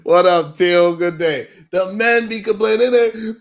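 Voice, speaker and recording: Guy with a high voice hosting a live stream, slow easy talk, laughs a lot and shouts out the chat. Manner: animated, laughing often, greeting chatters by name. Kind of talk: casual live stream commentary.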